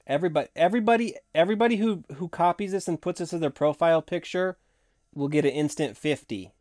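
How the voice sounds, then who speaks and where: A hoarse man hosting a casual live stream, chatting in a rambling way and laughing often. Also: fairly high pitch, fast talker, darkish tone, dry recording, studio quality. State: hoarse from long talking.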